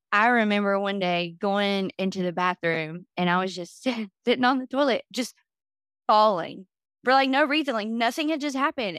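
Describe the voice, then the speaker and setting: A woman's voice: medium pitch, fairly bright tone, clean tone, dry recording. A woman guest on a podcast, telling her story candidly and with lots of fillers. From Florida. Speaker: podcast guest, business owner. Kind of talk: casual interview talk.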